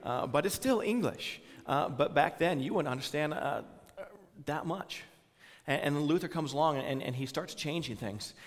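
A man's voice: a little high, lively intonation, moderate pace, long reverb tail. A man with a Southern US accent giving an informal sermon, talking conversationally with many fillers and putting questions to the congregation. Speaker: pastor.

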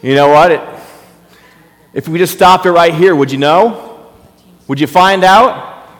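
Impassioned preacher in an echoing hall. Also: male voice, fairly high pitch, unhurried. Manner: impassioned, repeats rhetorical questions. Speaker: pastor. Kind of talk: sermon. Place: church hall. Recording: reverberant hall.

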